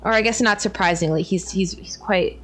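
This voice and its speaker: A woman's voice: medium pitch, normal speed, fairly bright tone, faint music behind, rough recording. A woman playing a tabletop game, hesitantly describing her character's actions with many "like"s. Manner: hesitant, full of "like". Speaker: player.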